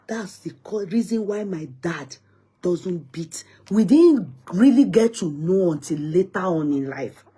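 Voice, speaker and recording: Husky Nigerian woman telling stories. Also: fairly low pitch, lively intonation, measured pace, warm tone. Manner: laughing, switches between English and Yoruba. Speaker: vlogger. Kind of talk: casual storytelling.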